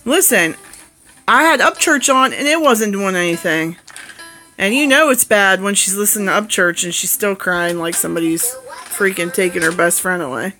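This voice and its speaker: A woman family vlogger in casual chat, talking in a rambling, excitable and jokey way. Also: medium pitch, normal speed, faint music behind.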